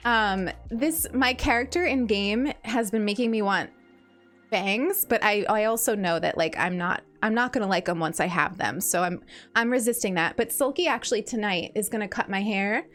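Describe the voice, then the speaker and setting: A young woman from New York with a light New York accent, chatting casually with her stream audience while she plays, bubbly and quick to laugh. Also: medium pitch, a bit bright, soft background music. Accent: New York, softened. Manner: bubbly, chatty, laughs often, restarts words. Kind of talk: casual chat while gaming.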